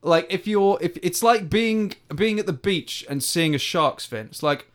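A man's voice: sits high, animated, unhurried. Man, casual rambling podcast chat, restarts often, swears. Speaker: podcast co-host.

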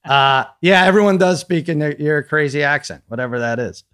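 A man co-hosting a casual sports betting podcast, animated and quoting others as he talks. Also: fairly high pitch, fairly quick, clear, resonant tone. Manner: animated, quotes people in put-on voices. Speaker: podcast co-host.

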